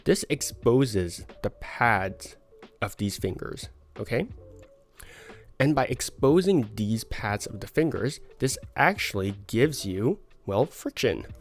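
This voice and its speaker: A man's voice: mid-range voice, animated, slow. A man teaching a card sleight on a livestream, stumbling and laughing at his own mistakes. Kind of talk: livestream tutorial. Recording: faint background music.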